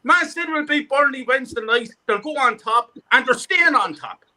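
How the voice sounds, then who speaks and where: A man's voice: extremely high pitch, lively intonation, normal speed, pushed and bright. A man calling in to rant angrily about his football team, sweary and repetitive. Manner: furious, sweary, repetitive ranting.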